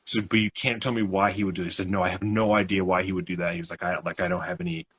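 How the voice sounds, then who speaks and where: A man's voice: deep voice, little pitch movement, very fast, a bit bright, slightly rough, rough recording. A young man co-hosting a podcast, telling a story in casual chat, acting out other people's lines and swearing often. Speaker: podcast co-host.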